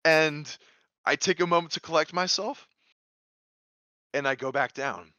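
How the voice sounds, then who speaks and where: A man with a bright, forceful voice telling a story in casual podcast chat, loose and profane, full of "like." He swings from hushed narration to loud exclamations. The sound is dry and a bit dull and lo-fi. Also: a little high, moderate pace, no echo. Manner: loose and profane, heavy use of "like". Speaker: podcast guest.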